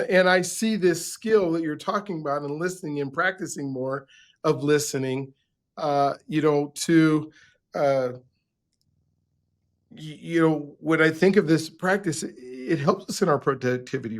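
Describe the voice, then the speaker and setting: A man's voice: fairly high pitch, normal speed. A man hosting an interview, asking long, enthusiastic questions full of fillers and restarts. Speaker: podcast host. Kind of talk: conversational interview.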